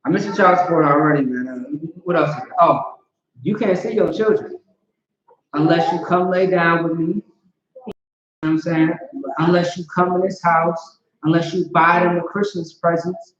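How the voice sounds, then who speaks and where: Man, scripture class teacher, casual talk, fairly high voice, roomy lo-fi recording. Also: fairly even intonation, normal speed, fairly bright tone. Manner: casual, conversational, peppered with "you know what I'm saying". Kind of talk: informal scripture class lecture. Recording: roomy, dull lo-fi.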